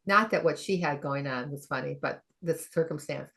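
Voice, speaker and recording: A middle-aged woman, a functional medicine practitioner, telling a story in an animated way, acting out the quoted dialogue and laughing often. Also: deep voice, normal speed, creaky, hardly any pauses. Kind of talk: conversational storytelling.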